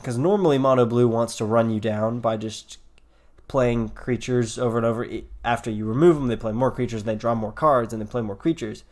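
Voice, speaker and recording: A man's voice: mid-range voice, a little fast, a little mellow. A man giving casual commentary over his own card game, rambling and thinking aloud with fillers, yawning and a bit tired. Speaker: gameplay commentator.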